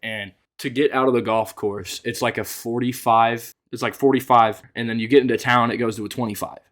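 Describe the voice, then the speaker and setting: A man's voice: mid-range voice, steady tone, a little fast, a bit bright. A young man telling a wild personal story in a loose, rambling way, swearing often and filling with "like". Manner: rambling, profane, fillers like "like". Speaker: vlogger. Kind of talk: casual storytelling.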